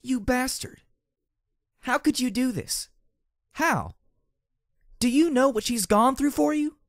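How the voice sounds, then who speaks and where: A man doing a high, tearful pegasus mare. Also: takes it slowly, no echo, studio quality, full character voice. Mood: furious. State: hoarse. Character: young gray female pegasus, earnest and distraught.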